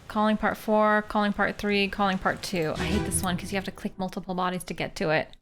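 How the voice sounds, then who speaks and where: A woman's voice: mid-range voice, level tone, brisk. A woman from Canada streaming a game live, thinking aloud in a playful way. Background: game music.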